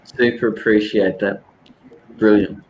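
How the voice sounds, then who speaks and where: A man's voice: on the low side, flat delivery, a little slow, muffled recording, background noise. A man chatting casually as a comic creator, effusive and jokey, laughing often. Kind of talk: casual video chat.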